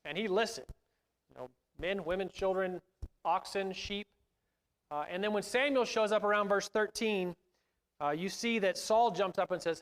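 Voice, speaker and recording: Casting: high-pitched male Bible class teacher, casual and self-deprecating, recorded in a reverberant church hall. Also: a little fast. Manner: conversational, self-deprecating asides.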